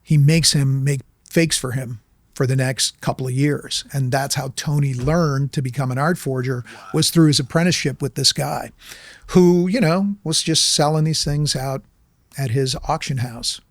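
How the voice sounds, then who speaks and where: A man in an interview, telling a story loosely and with energy and slipping into the voices of the people in it. His pitch sits in the middle, and the dry recording keeps him close and clear. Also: moderate pace, no room sound. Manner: animated, acts out voices in anecdotes. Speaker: documentary filmmaker guest. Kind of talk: casual storytelling.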